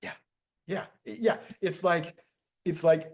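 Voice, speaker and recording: A man's voice: a little high, normal speed. An older man hosting a casual opinion chat, speaking emphatically and repeating phrases. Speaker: host.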